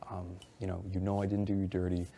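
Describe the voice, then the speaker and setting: A man's voice: deep voice, monotone, quick pace, mellow, a little hiss or hum. A young man in casual conversation, retelling events in a rambling, heated way, quoting others and swearing often. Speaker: reality show houseguest.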